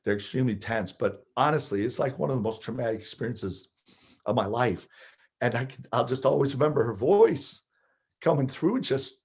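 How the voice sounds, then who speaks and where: A man's voice: mid-range voice, darkish tone, husky. A middle-aged man telling an emotional childhood story in casual conversation, laughing at points.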